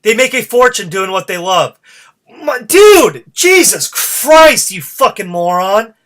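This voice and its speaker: A man's voice: high voice, big pitch swings, slow, a bit bright. A man hosting his own podcast, delivering a profane, fired-up solo rant. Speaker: podcast host.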